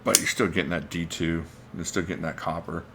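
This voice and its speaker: A man's voice: deep voice, flat delivery, fairly quick, vocal fry, background noise. A man hosting a casual livestream, rambling and thinking aloud as he greets viewers by name. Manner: reads out viewer names mid-talk. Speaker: knife channel host.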